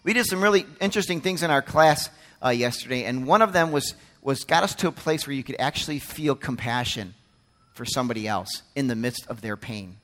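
A man preaching a sermon as pastor, moving from hushed and gentle passages to loud, emphatic ones and acting out the quoted voices. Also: medium pitch, expressive, fairly quick. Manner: acts out quoted speech in his sermon.

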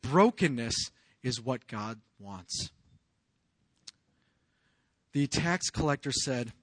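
A man in his thirties preaching a sermon in an earnest, confessional way, moving from hushed lines to loud raised outbursts. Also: mid-range voice, expressive, takes it slowly, pauses often, no room sound. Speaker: pastor.

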